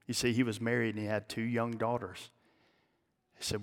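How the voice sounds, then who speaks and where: A male pastor telling a story in a sermon, dramatic, with his voice dropping low and hushed at the emotional peaks. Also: level tone, moderate pace, pauses often. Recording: long hall reverb.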